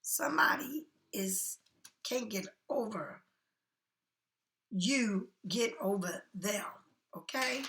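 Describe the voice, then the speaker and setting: A woman giving a casual tarot reading, talking softly and often half-whispering in a chatty, reassuring way, a little tired. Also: a little high, lively intonation, normal speed, gravelly, noisy background. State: yawning, tired. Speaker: tarot card reader.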